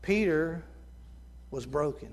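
A middle-aged man with a fairly high, squeaky tenor voice preaches a sermon. He is impassioned, pushing his voice loud and urgent and then dropping to near-hushed tones. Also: animated, takes it slowly. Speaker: visiting preacher.

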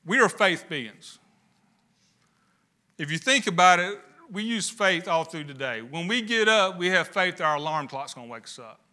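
A man's voice: high-pitched, animated, normal speed, pushed and bright. A man preaching a sermon, building emphasis with rhetorical questions. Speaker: pastor.

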